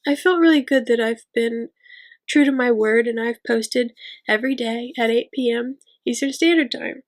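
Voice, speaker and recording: A woman hosting her own channel, speaking a tearful, rambling, heartfelt outro in a soft and encouraging way. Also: on the high side, steady tone, moderate pace. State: tearful, weepy. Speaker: channel host reading a book aloud. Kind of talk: casual heartfelt vlog outro.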